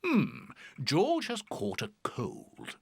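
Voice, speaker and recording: A gravelly cartoon bear doctor. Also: male voice, medium pitch, wildly swooping pitch, very slow, loud music behind the voice, heavily acted. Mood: kindly. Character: kindly male bear doctor, calm and gentle. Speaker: doctor character. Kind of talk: cartoon voice acting.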